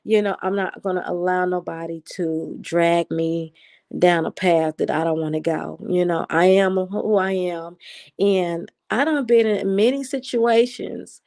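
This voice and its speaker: Animated, excited-sounding woman livestreaming. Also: fairly low pitch, unhurried. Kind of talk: casual live chat, reading viewer comments.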